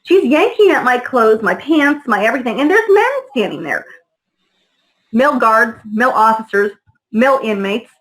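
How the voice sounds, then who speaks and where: A woman's voice: fairly high pitch, animated, moderate pace, fairly bright tone, poor audio. A middle-aged woman telling her story as an interview guest, blunt and heated, swearing freely and acting out the voices of people she quotes. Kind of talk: personal storytelling in conversation.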